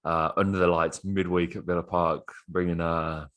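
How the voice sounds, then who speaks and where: Excitable, very low-voiced male podcast host. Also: normal speed. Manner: excitable, swears freely. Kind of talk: casual football podcast chat.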